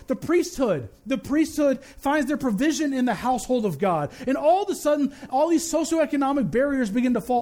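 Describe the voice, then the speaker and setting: High-voiced fervent male pastor. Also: a little mellow. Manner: fervent preaching with emphatic slowdowns. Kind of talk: sermon.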